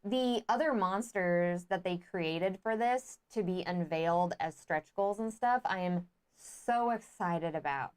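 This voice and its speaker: A woman co-hosting a casual chat show and reading viewer comments, reacting excitedly. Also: fairly low pitch, a little slow, smooth.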